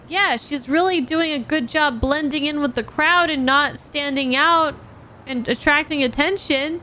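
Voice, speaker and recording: A woman's voice: high voice, measured pace, sharp tone, a little hiss or hum. A woman streamer making playful, joking asides to her chat during live gameplay.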